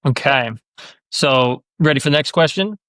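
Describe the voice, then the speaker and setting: A man's voice: a little high, normal speed, a bit bright, no echo, clean studio sound. A man hosting a podcast, chatting casually and retelling his own anecdotes with a lot of "like" and acted quotes. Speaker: podcast host. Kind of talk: casual conversational interview.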